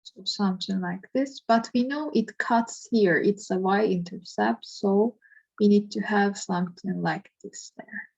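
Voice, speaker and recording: A woman walks through a math problem slowly, pausing often and filling gaps as she thinks aloud. Her voice sits at a middle pitch, and the recording sounds dull and lo-fi. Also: vocal fry, darkish tone, breathy edge. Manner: hesitant, thinking aloud with fillers. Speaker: math teacher. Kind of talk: slow worked-example lesson.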